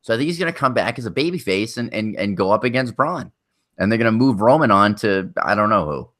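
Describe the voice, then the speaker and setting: Animated joking man co-host. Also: lowish voice, fast. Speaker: podcast co-host. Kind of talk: casual chat.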